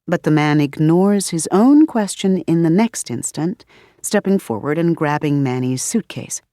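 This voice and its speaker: A woman narrating an audiobook in a measured, expressive reading style. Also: deep voice, no echo, clean studio sound. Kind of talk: scripted narration.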